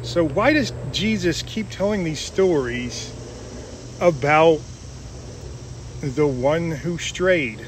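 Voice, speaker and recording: A man's voice: fairly high pitch, lively intonation, takes it slowly, long pauses, a little hiss or hum. A man giving an informal Bible talk, retelling a parable in a conversational way with restarts and fillers. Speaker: Bible teacher.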